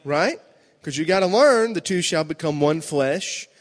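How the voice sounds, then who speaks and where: A middle-aged man delivering a sermon in a large hall, his voice sitting fairly high and swinging widely as he tells stories and acts out voices. A long reverb trails his words through the room. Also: measured pace. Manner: animated storytelling, acting out voices with big pitch jumps. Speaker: preacher. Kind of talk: sermon with jokes. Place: large hall before a congregation.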